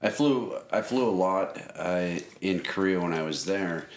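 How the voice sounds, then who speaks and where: Podcast host guy, deep voice, echoey room w/ a little hiss. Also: a little slow. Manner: conversational, shares his own flying memories. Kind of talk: casual chat. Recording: roomy echo, faint background noise.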